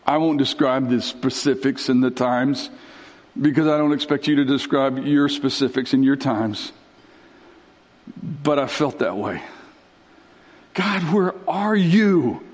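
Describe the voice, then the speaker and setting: A male pastor preaching a sermon in a conversational, dramatic way, sweeping up and down in pitch and dropping in slang. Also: steady tone, measured pace, long reverb tail.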